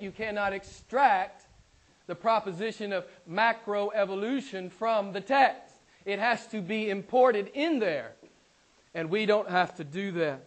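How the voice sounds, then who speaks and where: A man delivers a sermon in a fairly high voice. He leans hard on his main points and says them again and again, then drops to low, quiet asides. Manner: emphatic, repeats key phrases; moves between loud emphasis and low quiet asides. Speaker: pastor. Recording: live church sermon.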